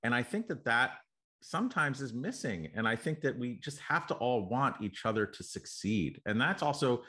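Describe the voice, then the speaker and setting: A man's voice: mid-range voice, lively intonation, moderate pace, sharp tone. A man hosting a casual interview, talking in a reflective, earnest way and adding supportive comments.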